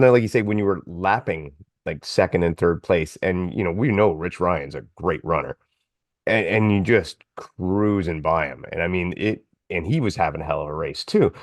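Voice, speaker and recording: A man's voice: low voice, dry recording. A man hosting a podcast, chatting in a casual, enthusiastic and rambling way. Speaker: podcast host. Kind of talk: casual interview chat. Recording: dry close sound.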